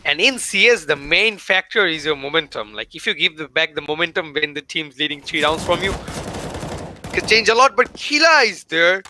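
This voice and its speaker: A young man calling a live esports match play-by-play in a casual, excitable way. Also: a little high. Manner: excitable, casual, says "bro" to the audience. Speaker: esports caster.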